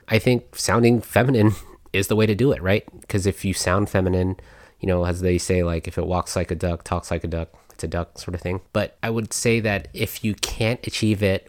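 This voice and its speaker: A man with a very low, deep voice, rambling casually through a podcast monologue. He talks chattily, full of fillers and small laughs, and the sound is close and dry with no room around it. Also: no room sound. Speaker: podcast host.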